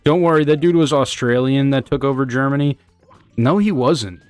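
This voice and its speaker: A man's voice: medium pitch, moderate pace, clean tone, no room sound, faint music behind. Joking young man streaming a speedrun. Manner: rambling, jokey, swears casually, reads chat aloud. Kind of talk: casual livestream chat while speedrunning.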